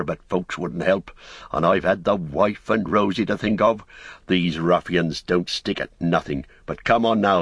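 A man voicing a blunt, excitable middle-aged hobbit farmer with rustic speech, in a storybook reading. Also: low voice, breathy edge, dry recording, studio quality, exaggerated voice.

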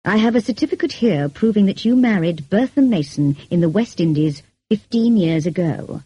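A composed male lawyer states facts calmly and quietly in a formal way, as a woman reading an audiobook voices him. The tone is mellow and a little husky, recorded close and dry. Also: mid-range voice, normal speed, dry recording, dull audio. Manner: calm and quiet.

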